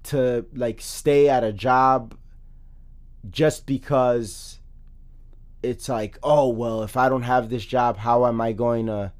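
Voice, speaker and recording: A man's voice: medium pitch, steady tone, takes it slowly. Man, podcast co-host, reflective, philosophical, casual chat.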